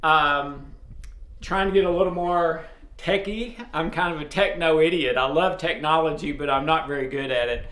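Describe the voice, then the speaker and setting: A man from East Tennessee with a strong Southern accent, casually and loudly addressing viewers as host of a faith video series. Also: on the high side, normal speed. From East Tennessee, USA. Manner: loud, speaks up forcefully. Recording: roomy echo.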